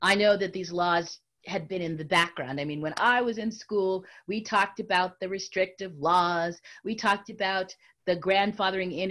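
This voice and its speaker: A fairly low-pitched woman tells a story to an audience, alternating bright raised tones with near-whispered hushes and speaking to them directly. The oral storytelling lecture is captured with lo-fi sound.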